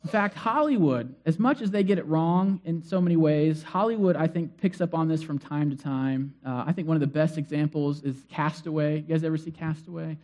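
A male pastor with a fairly high voice delivers a sermon in an easy, conversational way. He tells stories with animation and throws questions to the congregation. He repeats short phrases to drive his points home. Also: a little fast, hardly any pauses. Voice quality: conversational, animated storytelling with acted-out cries.

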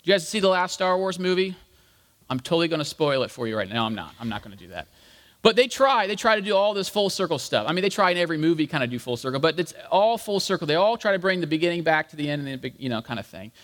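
High-voiced pastor in an echoing hall. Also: male voice, very animated, fast talker, a bit bright. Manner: casual, jokey, addresses the congregation as guys; acts out quoted lines. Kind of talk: conversational sermon. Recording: long hall reverb.

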